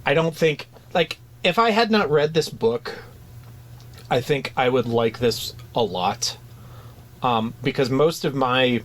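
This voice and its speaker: A man co-hosting a podcast, talking in a casual, hesitant way with frequent restarts and fillers. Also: mid-range voice. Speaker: podcast co-host. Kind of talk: casual chat.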